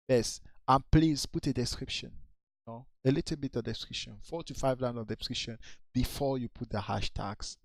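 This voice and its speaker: Slow-talking man reviewing social media posts. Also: mid-range voice, no room sound. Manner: slow, repetitive, coaching. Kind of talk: casual screen-share review.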